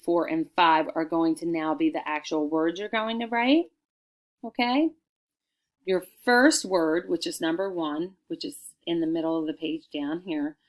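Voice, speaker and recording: Middle-aged woman teacher, low-pitched, unhurried, sounding out spelling words for young pupils. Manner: slow, clear dictation, sounding out letters. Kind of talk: recorded spelling lesson for children.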